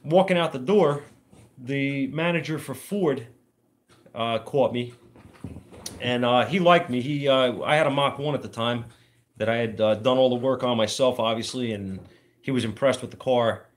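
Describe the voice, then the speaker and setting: A man who runs an auto repair shop tells a story to the camera in a loose, rambling way. His talk is plainspoken and full of trade slang, with now and then a mild curse. His voice sits in an ordinary middle pitch. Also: normal speed. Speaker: auto mechanic and shop owner.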